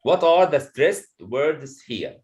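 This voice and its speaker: A man's voice: fairly high pitch, lively intonation, slow pace, a little mellow, dull audio. A man teaching a pronunciation lesson to a classroom of students, repeating phrases and checking understanding with "okay?". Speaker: English teacher.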